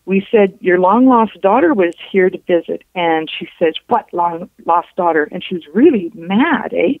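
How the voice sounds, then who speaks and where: A woman, a guest on a show, recounting a personal story in a halting way, with restarts and reported dialogue. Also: mid-range voice, lively intonation, no echo. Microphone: telephone. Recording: tinny phone line.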